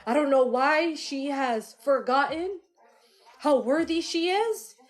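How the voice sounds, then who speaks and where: A woman's voice: high voice, takes it slowly. A woman voicing an older grandfather's spirit, talking in a blunt, fatherly way. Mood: fond. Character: blunt, joking, protective old grandfather spirit.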